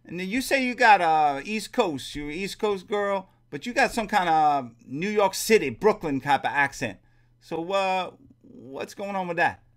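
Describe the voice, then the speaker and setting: A man's voice: sits high, lively intonation, unhurried, a bit bright. A man playing a playful bachelor quizzing contestants on a dating game show in a comedy sketch. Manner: playful, teasing host-like delivery.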